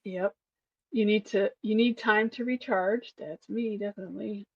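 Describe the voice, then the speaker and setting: A woman co-hosting a casual podcast who talks softly and reads through a list, relating each point to herself. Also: mid-range voice, steady tone, moderate pace, dry recording, lo-fi sound. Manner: soft-spoken, reads points then relates them to herself. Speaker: podcast co-host. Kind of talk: casual chat, reading a list aloud.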